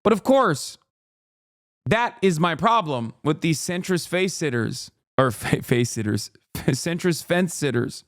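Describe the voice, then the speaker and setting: A man's voice: on the high side, lively intonation, slow pace, no room sound, clean studio sound. A man streaming, ranting with heated, profane sarcasm while reacting to a clip.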